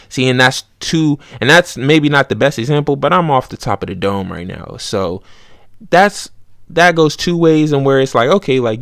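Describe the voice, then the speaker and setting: Young male podcast host, mid-pitched, slangy and loose, dry close mic. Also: no echo. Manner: conversational, street slang, acts out both sides of arguments. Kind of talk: casual monologue.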